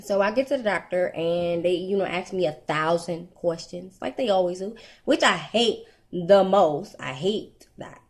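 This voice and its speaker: A woman's voice: lowish voice, a little slow. A young woman casually telling her viewers a personal story in a rambling, chatty way, with many fillers and restarts. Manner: candid and conversational, addresses viewers directly. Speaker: vlogger.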